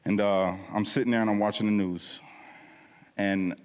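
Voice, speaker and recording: Speaking at normal speed with a clean tone, a man with a fairly low voice tells his testimony as a guest at a church service. Loose, slangy, and animated, he jumps into the voices of his story's characters while the hall's long reverb echoes around him.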